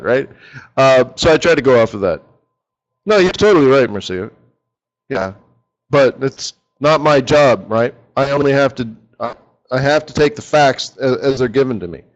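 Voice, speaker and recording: A fairly high-pitched man runs a live currency trading session in a loose, chatty way, cracking jokes and speaking to his viewers as if they were in the room. The audio is muffled and lo-fi, like an older webcast. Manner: chatty and joking, talks to viewers by name. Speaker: forex market strategist.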